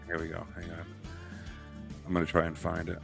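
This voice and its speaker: A man's voice: sits low, fairly quick, gravelly, faint music behind. A man co-hosting a podcast, telling a story casually and acting out the quotes. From New England. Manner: animated storyteller, acts out quotes. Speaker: podcast co-host.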